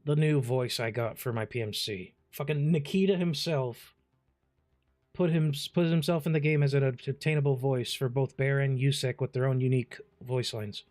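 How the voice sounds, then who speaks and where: Talking through his gameplay in a relaxed way, this streamer curses frequently and tells animated, energetic stories. His mid-range voice moves at a normal speed, and faint music plays behind him.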